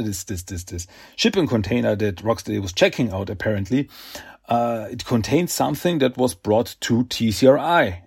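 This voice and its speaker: A man's voice: mid-range voice, a little mellow, husky. A man hosting a podcast, recapping a comic book in a casual, rambling way. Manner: rambling with many uhs and restarts. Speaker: podcast host.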